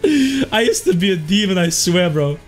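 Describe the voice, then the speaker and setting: A young man chats casually on a gaming livestream in a high, very lively voice, full of slang and quick laughs. His pitch swings widely and jumps into sharp yelps. Faint game music plays behind him. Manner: animated, slangy, laughs a lot, breaks into sudden high yelps. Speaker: streamer.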